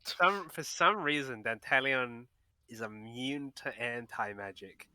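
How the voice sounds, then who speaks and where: A man playing a tabletop game, chatting casually and haltingly, laughing often. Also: mid-range voice, pushed and bright, dry recording. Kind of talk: casual play chat.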